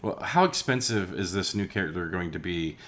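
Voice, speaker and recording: A man's voice: low-pitched, expressive, fairly quick, over a noisy crowd. A young man co-hosting a podcast, chatting casually about a cartoon in a laid-back, profane, joking way. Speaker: podcast co-host.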